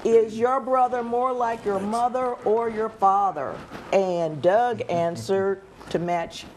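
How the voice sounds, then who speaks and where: A woman's voice: medium pitch, steady tone, takes it slowly, darkish tone, slight background noise. A woman hosting a family game show on local television, upbeat and chatty with frequent laughter.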